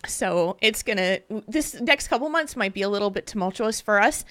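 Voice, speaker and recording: A woman's voice: medium pitch, moderate pace, dry recording, clean studio sound. Chatty woman hosting a podcast. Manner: chatty and animated, rambling with fillers. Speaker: podcast host. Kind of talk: casual podcast chat.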